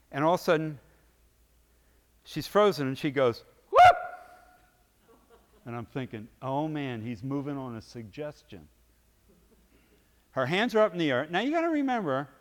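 Animated preacher man in a reverberant hall. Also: fairly high pitch. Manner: animated storyteller acting out scenes with big swings in loudness. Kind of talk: sermon storytelling.

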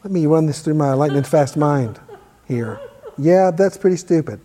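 A man's voice: on the high side, expressive, normal speed, dark tone, in a large hall. A man teaching informally and telling a personal story, conversational and self-deprecating. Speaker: ministry teacher.

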